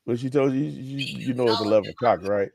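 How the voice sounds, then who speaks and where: A man's voice: mid-range voice, fast, vocal fry, a little mellow, dry recording. A man in his forties hosting a casual chat, laid-back and laughing often, his voice wearing thin. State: losing his voice. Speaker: podcast host.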